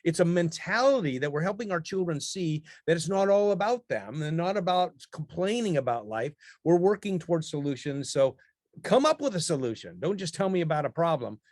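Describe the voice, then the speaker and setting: A man teaching parents in a webinar chat who laughs easily and quotes parents in a brisk voice. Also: fairly high pitch, sing-song, darkish tone, no echo, studio quality.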